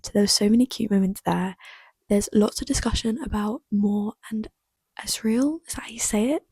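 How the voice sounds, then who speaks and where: A woman's voice: mid-range voice, brisk, mellow, no room sound. A young woman in casual chat about books, gushing, her voice often dropping to a half whisper. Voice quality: breathy. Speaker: book vlogger.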